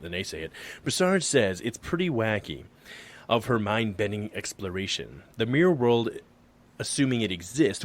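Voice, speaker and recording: A man with a fairly low voice co-hosts a casual podcast over a remote call. He reads an article aloud, breaks off to joke, and trips over his own words. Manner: joking, self-deprecating, stumbles over words. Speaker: podcast co-host.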